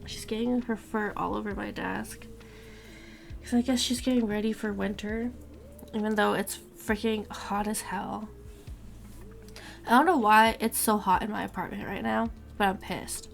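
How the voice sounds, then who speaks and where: A young woman streamer chatting casually and rambling to her viewers, swearing now and then, with a gravelly voice. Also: mid-range voice, steady tone, moderate pace, soft background music.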